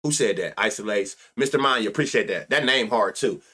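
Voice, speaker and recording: A man's voice: on the low side, animated, brisk, sharp tone, husky. A man hosting a live sports betting stream, reading stats and riffing loosely with plenty of profanity. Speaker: sports betting show host.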